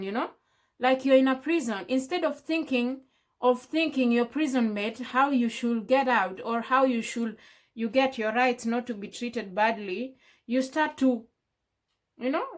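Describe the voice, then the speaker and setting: A young woman, a beauty vlogger, chatting with feeling and firing off rhetorical questions while she does her makeup at home. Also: fairly high pitch. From Africa. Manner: impassioned, full of rhetorical questions. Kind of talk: casual chat while doing makeup. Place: indoors at home.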